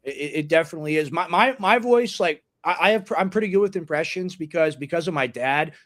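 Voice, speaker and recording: A young man with an American accent hosting a podcast in casual, animated chat with mocking asides. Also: fairly high pitch, fairly quick. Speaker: podcast host.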